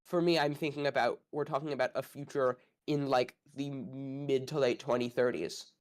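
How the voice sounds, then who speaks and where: A man's voice: medium pitch, fairly even intonation, normal speed. A man arguing one side of a casual space debate, hedging and thinking aloud with many fillers.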